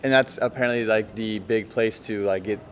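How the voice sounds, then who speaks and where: Man retelling a story, animated and halting. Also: fairly low pitch, clean tone, soft background music. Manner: animated, stumbling retelling with fillers. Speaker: guest, photographer. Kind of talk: casual storytelling.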